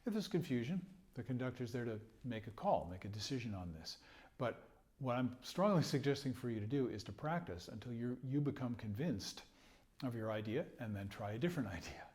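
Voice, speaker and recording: A man's voice: medium pitch, lively intonation, a little fast, a little mellow. Patient man explaining trumpet phrasing. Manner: patient, explanatory, sings rhythms aloud; chuckles between points. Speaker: trumpet teacher. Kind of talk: music lesson explanation.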